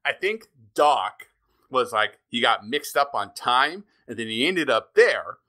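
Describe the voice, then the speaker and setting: A man talks through a TV episode on a podcast with a lively, swooping delivery. His voice is bright and forward, and he rambles from aside to aside, restarting his sentences as he goes. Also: medium pitch, unhurried. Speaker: podcast co-host. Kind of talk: casual chat recapping a TV episode.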